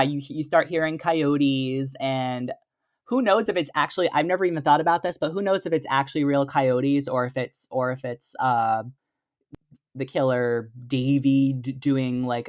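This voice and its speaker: A man guest-hosting a podcast, chatting about a horror film with lots of halting restarts. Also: medium pitch. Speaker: guest co-host. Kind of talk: casual movie chat.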